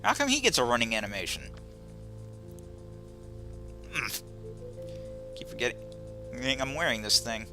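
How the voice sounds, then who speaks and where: A man chatting casually over a video game, tossing out joking asides. His voice is very bright and forceful, with faint music playing behind him. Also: medium pitch, huge pitch swings, measured pace, long pauses. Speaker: let's play commentator.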